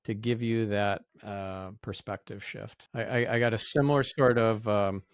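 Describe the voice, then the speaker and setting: A man hosts a podcast in a low, smooth, resonant voice. He answers his guest in a reflective, measured way. The recording is close and dry. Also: steady tone, dry recording. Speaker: podcast host. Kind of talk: interview conversation.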